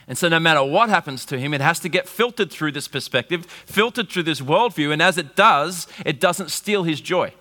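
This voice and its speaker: A man, preaching a sermon with animated storytelling and wry humour. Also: fairly high pitch, normal speed, hardly any pauses. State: recovering from flu. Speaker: pastor. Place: church hall. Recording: reverberant hall.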